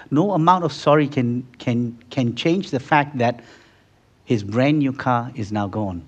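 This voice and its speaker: A man preaching a sermon, telling everyday stories with acted-out quotes and building to loud, fervent exhortation. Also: mid-range voice, moderate pace. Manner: acts out little scenes with quoted voices. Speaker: pastor.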